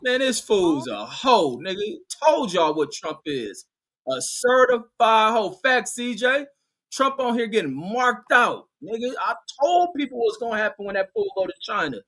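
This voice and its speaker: A man giving loud, mocking, profane commentary over news footage, scornful and quick to laugh. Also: high-pitched, big pitch swings.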